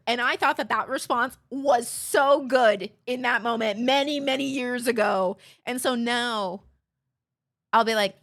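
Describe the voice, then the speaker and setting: A woman's voice: fairly high pitch, a little slow. A woman livestreamer chatting casually to her viewers, telling stories with playful impressions and swearing freely. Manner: animated storytelling with playful impressions. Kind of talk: casual chat to a live stream chat.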